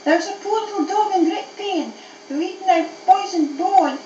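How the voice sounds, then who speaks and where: A woman's voice: high voice, lively intonation, normal speed, a little mellow, distant mic, voice pushed up. A woman voicing an anxious family dog who calls out urgently for help. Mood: pleading. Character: anxious, helpful family dog telling the tale. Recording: echoey muffled old cassette with hiss.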